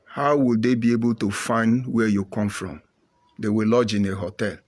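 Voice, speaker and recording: A man's voice: on the low side, fairly even intonation, moderate pace, a little mellow. A middle-aged Nigerian man speaking with an emphatic, preachy drive. He hammers his points home and often repeats them. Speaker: commentator. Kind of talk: impassioned monologue.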